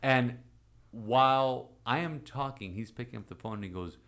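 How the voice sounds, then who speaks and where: A priest in his forties telling a personal story in conversation, animated and acting out quoted voices. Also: medium pitch, normal speed. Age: 40s.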